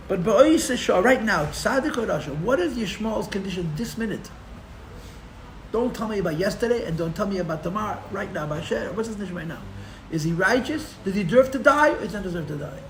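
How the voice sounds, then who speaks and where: A man teaching a live Torah class as a rabbi, telling the story with animated, sarcastic humor and mixing in Hebrew and Yiddish terms. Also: high-pitched, brisk, creaky, reverberant, slight background noise. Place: room for a live-streamed class.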